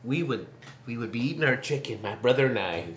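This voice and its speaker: A man hosting a casual interview, playful and laughing, telling a lively story. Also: medium pitch, fairly quick, reverberant, slight background noise. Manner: playful, laughing, acts out voices in stories. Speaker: host.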